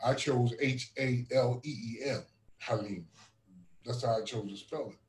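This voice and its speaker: A man's voice: medium pitch, unhurried, a little mellow, echoey room, poor audio. A man who serves as a regional minister, earnestly telling a personal testimony in a conversational way and often calling his listener brother. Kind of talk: testimony storytelling.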